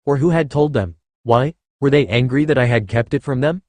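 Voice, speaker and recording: A man narrating a first-person fan fiction story in an expressive reading style. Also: mid-range voice, fairly quick, dry recording.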